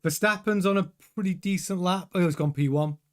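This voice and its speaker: A man hosting a live race watchalong, chatting excitably over the timings with frequent stumbling restarts. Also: high-pitched, fairly quick. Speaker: host.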